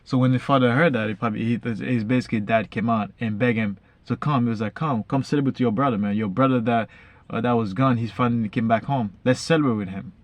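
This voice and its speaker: A man's voice: medium pitch, steady tone, no room sound. Casual man explaining Bible verses. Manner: reads a verse slowly, then paraphrases it in slang; frequent fillers and restarts, says basically a lot. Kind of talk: casual Bible study talk.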